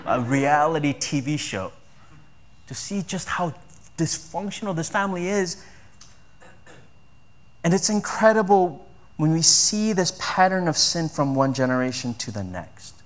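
Male pastor, slightly higher voice, chatty sermon delivery with rhetorical questions. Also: expressive, a little slow, pauses often. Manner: conversational preaching with rhetorical questions.

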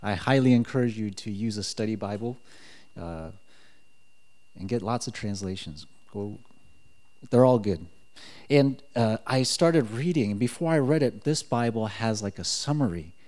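Animated man telling his faith testimony. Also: lowish voice, measured pace. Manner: animated, acts out quotes, frequent "like" fillers. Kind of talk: personal testimony storytelling.

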